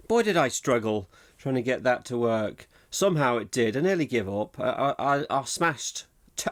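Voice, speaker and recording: Rambling, self-mocking podcast host. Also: male voice, mid-range voice. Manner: rambling and self-mocking, laughs often at himself. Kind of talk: casual solo podcast chat.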